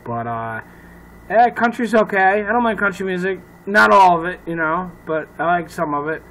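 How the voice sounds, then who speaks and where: A man who is a comedian, rambling loudly and profanely in a casual talk to camera. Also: high-pitched, lively intonation, moderate pace, slight background noise, low-quality recording. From Irish heritage. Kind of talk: casual off-the-cuff chat to camera.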